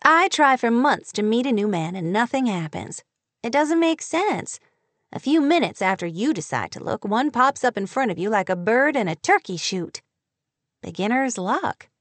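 An excitable young woman friend who loves gossip, as a woman narrator puts her on. Her pitch lifts high and bounces. Close, dry audiobook sound. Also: moderate pace, no room sound. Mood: puzzled.

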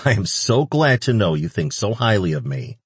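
A man's voice: on the low side, big pitch swings, a little fast, breathy edge, no room sound, full character voice. A man voicing a cheerful, playful male angel who teases his friend. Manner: teasing and upbeat.

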